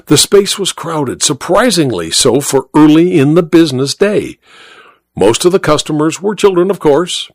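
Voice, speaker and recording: A man reading a first-person story in a wry, measured way. His pitch moves a lot, giving an animated read. The recording is dry and close, with no room. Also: no echo. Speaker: audiobook narrator.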